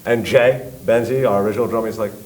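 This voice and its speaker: A middle-aged man from New York with a New York accent, a guest telling a story with loud acted-out quotes and swearing. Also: lowish voice, quick pace, poor audio. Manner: lively, acts out quotes loudly, swears. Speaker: guest, tribute band singer. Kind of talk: animated storytelling.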